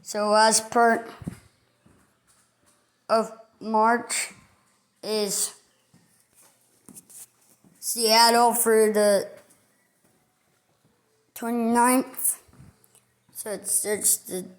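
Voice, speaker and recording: A woman hosts a casual sports news rundown, reading a schedule item by item. She speaks slowly with a somewhat high voice. Her delivery is halting and list-like. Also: flat delivery. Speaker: sports video host.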